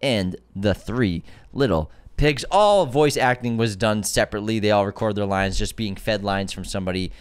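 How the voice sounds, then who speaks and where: A man's voice: lowish voice, normal speed, few pauses, smooth. A man co-hosting a movie podcast, talking casually and trading teasing banter with his co-host.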